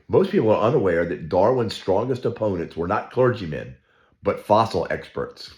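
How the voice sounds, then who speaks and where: Low-voiced guy teaching bible study, fired up and blunt, echoey room. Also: darkish tone. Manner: emphatic, opinionated, ranting with repetitions.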